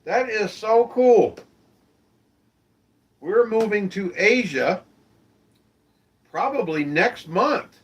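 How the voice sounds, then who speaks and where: A man with a rather high voice hosts a live stream, chatting with his viewers in a friendly way. He talks slowly and easily and keeps asking them questions. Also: animated. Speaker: live-stream show host. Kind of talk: casual chat with viewers.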